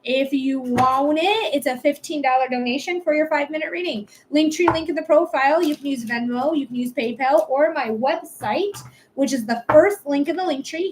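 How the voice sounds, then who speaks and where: A young adult woman hosting a live psychic reading stream, chatting casually, swearing now and then and pitching her readings upbeat. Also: slight background noise. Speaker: livestream psychic reader. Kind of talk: casual livestream chat.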